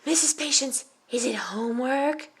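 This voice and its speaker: A woman voicing an eager little schoolgirl in a storybook, with a high, excited delivery. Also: moderate pace, husky.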